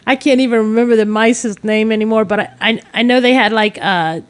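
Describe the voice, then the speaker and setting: A woman's voice: on the high side, fairly quick. Female radio co-host, casual interviewer, friendly, conversational. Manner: friendly, conversational, trails off while recalling.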